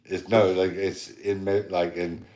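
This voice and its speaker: Male podcast co-host, very low voice, boastful rambling chat, echoey room. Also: level tone, slow pace, darkish tone. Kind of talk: casual chat.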